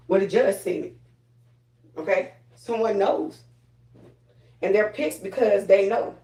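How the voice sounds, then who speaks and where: A woman's voice: medium pitch, a little mellow, reverberant, poor audio. A woman chatting casually and bluntly while getting ready, giving spiritual readings, repeating her phrases for emphasis. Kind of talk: casual get-ready-with-me chat.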